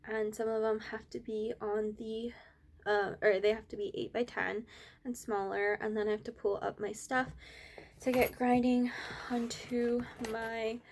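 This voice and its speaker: A young woman, an art student, rambling softly in a casual vlog with many fillers, a little out of breath. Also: on the high side, level tone, a little slow.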